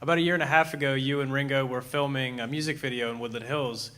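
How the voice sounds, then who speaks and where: A man in the audience of a masterclass, speaking to the teacher from his seat in a quick, eager way. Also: medium pitch, steady tone, pushed and bright. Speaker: audience member asking a question.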